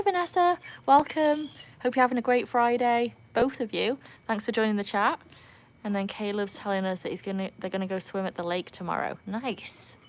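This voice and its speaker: A woman's voice: medium pitch, vocal fry, a little hiss or hum. A woman from North Wales with a Welsh accent, chatting casually on a live stream from beside a backyard pool, laughing often and talking to her dogs. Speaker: livestream host. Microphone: phone.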